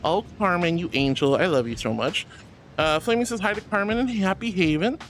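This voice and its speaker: A woman streamer in casual chat who warmly and effusively greets her viewers by name and thanks them. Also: lowish voice, lively intonation, fairly quick, a little hiss or hum.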